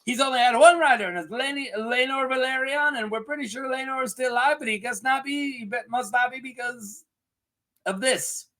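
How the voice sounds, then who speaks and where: A man's voice: extremely high pitch, normal speed, pushed and bright. A man casually recapping a TV episode from a script, joking and laughing often, with lots of ums. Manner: giggly and joking, full of ums and asides. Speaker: TV show reviewer.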